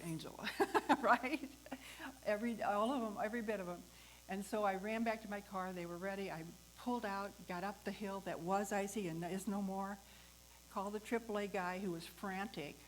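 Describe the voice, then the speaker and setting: A woman hosting a talk, telling a personal story in a lively way, acting out the voices of the people in it and laughing often. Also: mid-range voice, slight background noise, rough recording. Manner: animated, acts out the voices in her story. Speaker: host.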